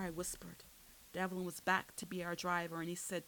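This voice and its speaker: A woman reads a first-person thriller aloud, her voice sitting low. She leans into the drama and lifts sharply when the action peaks. A faint hiss runs under the recording. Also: little pitch movement, normal speed, poor audio. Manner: dramatic, rises sharply for shouted lines. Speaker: audiobook narrator. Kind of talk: first-person story reading.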